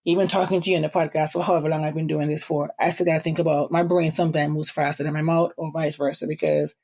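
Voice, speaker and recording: A young woman from the Caribbean with a Caribbean accent, hosting a motivational podcast and talking fast with quick asides. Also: sits low, flat delivery, darkish tone. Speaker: podcast host.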